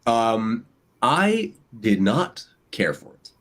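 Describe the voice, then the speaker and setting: A man talking casually as a guest on a live podcast, animated, acting out lines in quoted voices. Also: on the low side, extremely slow.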